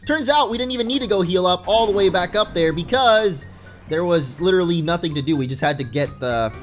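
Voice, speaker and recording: A man's voice: high voice, a little fast. A young man giving casual, rambling commentary while playing a video game. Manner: chatty, rambling, reads game text aloud. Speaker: let's play gamer. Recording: faint game music behind.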